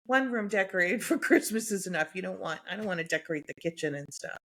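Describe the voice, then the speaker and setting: A woman's voice: medium pitch, lively intonation, fast talker, few pauses, fairly bright tone. A middle-aged woman co-hosting a podcast in casual chat, rambling and laughing as she talks. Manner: chatty, rambling, many fillers and laughs. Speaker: podcast co-host.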